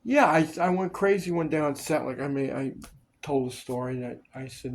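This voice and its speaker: A man's voice: medium pitch, brisk. A man in casual chat, telling stories of film work, acting out the people he quotes and swearing freely. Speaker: storyteller recalling film work.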